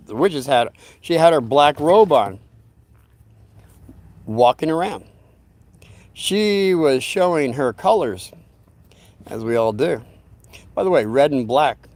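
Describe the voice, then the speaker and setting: A man with a mid-range, darkish voice hosts his own channel, where he tells a story in a meandering, folksy manner. His rambling, casual telling often breaks off into asides.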